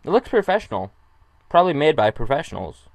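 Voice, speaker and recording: A man giving casual reaction commentary on an animated short, emotional and gushing, laughing often. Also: a little high, fast talker, vocal fry, no room sound.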